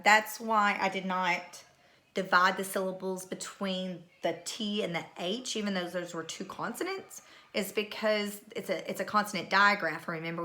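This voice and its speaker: A woman's voice: medium pitch, bright, forceful tone. A woman teacher giving a recorded phonics lesson to young pupils, patiently repeating each word. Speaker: third grade teacher.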